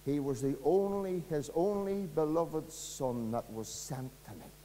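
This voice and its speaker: A man with a Northern Irish accent preaching an evangelistic sermon, earnest and pleading, dropping to a hush and rising again. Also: a little high, unhurried, a little hiss or hum. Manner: earnest, pleading, dramatic swings from loud to hushed. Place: church. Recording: long reverb of a church hall.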